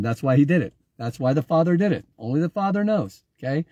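A man's voice: on the high side, lively intonation, fast, warm tone, no room sound. A man giving an informal online sermon, talking conversationally, repeating himself and calling on viewers by name. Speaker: pastor.

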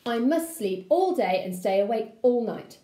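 A woman's voice: fairly high pitch, expressive, a little slow, echoey room. Uncle Big Bad, a bossy wolf voiced by a woman. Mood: commanding. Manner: barking commands, loud and theatrical.

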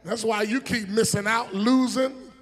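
High, bright-voiced preacher shouting in a hall. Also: male voice. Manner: call-and-response preaching, shouting and teasing the congregation; drawn-out, emphatic phrasing with sudden shouts. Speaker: pastor. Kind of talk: sermon. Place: church sanctuary. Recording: long church hall reverb.

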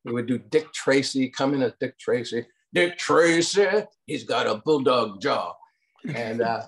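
Older man telling rambling anecdotes. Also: medium pitch. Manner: rambling anecdotes with fillers and acted-out quotes. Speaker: interview guest, cartoon producer. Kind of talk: casual storytelling interview.

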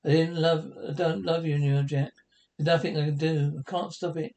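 A man's voice: on the high side, little pitch movement, brisk, darkish tone, lightly acted. A man doing a worn-down wife, pleading. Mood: weary, defiant. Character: frightened woman, abused wife, fed up.

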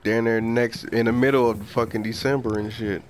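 A man's voice: mid-range voice, steady tone, fairly quick, a little hiss or hum. A young man chatting casually and profanely with friends while gaming, laughing often. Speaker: streamer.

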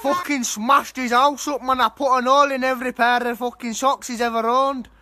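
A man voicing a hot-headed young lad from the north of England with a squeaky, gravelly voice, swearing and ranting threats in a comedy sketch. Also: little pitch movement, a little fast, pushed and bright, a little hiss or hum. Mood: boasting.

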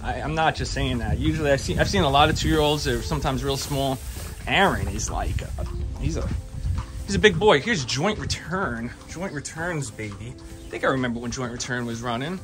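A man hosting a casual walk-and-talk vlog at a racetrack barn, excited and chatty, sometimes stumbling over his words, recorded outdoors on a handheld camera. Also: medium pitch, fairly quick, music in the background. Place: outdoors at a horse barn shed row.

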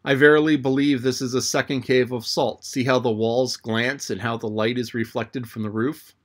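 A man voicing an eager teenage boy explorer who talks with excitement in a slightly raised voice. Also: medium pitch, normal speed, close to an everyday voice.

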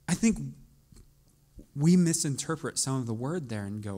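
A man preaching a sermon as pastor, moving from quiet, musing storytelling to loud, urgent calls to the congregation. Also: medium pitch, expressive, brisk.

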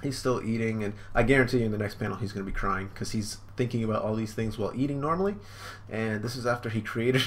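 A man streaming a live manga reaction from home, casually describing panels with lots of fillers. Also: on the low side. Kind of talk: live reaction, reading aloud.

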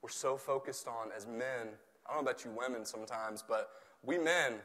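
A man from Tennessee with a Southern accent, preaching an animated, joking sermon in a church, swelling at times to near shouts. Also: mid-range voice, fairly quick. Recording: long hall reverb.

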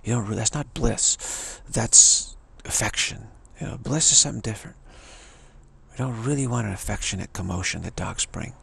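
Gravelly, husky-voiced man giving spiritual talk. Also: on the low side, normal speed, a bit bright. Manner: emphatic, repeats himself, chuckles. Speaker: spiritual teacher. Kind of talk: rambling spiritual talk to camera.

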